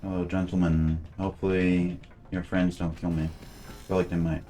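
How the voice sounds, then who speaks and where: Male game streamer, very low voice, loose chatty commentary. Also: level tone, normal speed, dark tone. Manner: thinking aloud, chatty, trails off and restarts. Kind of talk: casual gameplay commentary.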